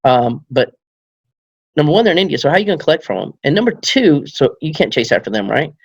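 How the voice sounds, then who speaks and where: A man's voice: medium pitch, big pitch swings, fast, creaky, slightly rough, no echo, highs cut off. A man who is a marketing consultant, telling a story in a casual advice talk, keeps asking "right?" and acts out both sides of a conversation.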